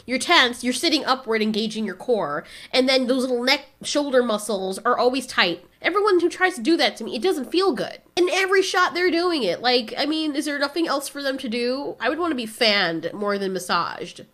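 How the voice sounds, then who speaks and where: A woman's voice: high-pitched, expressive, a little fast, few pauses, a bit bright. A woman giving a casual, sarcastic movie recap, nitpicking as she goes.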